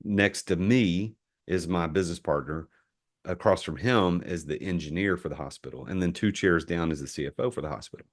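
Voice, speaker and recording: A middle-aged man from the US, a podcast guest telling a business story in an animated way, often repeating words as he starts a sentence. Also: deep voice, a little fast. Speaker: entrepreneur guest.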